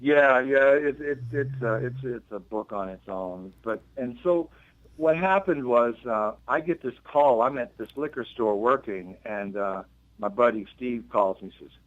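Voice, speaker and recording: Man telling an animated story, lo-fi. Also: unhurried, no room sound. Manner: animated storyteller acting out quotes with sudden pitch jumps and many restarts. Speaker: guest musician. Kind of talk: casual storytelling in an interview. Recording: dull lo-fi dry radio recording.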